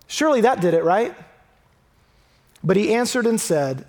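High-voiced conversational male preacher. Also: big pitch swings, moderate pace, pauses often. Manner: conversational, emphatic, drops low and quiet for scripture. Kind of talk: sermon.

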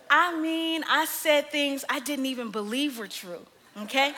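A young woman preaching a sermon, telling stories with animated energy and frequent laughter. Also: a little high. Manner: animated storytelling, laughs often. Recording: long reverb of a large hall.

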